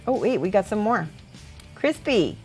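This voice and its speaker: A woman hosting a casual livestream, chatting warmly and encouragingly as she critiques painted miniatures and laughs often. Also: mid-range voice, very animated, measured pace, soft background music. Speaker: miniature painting host and teacher.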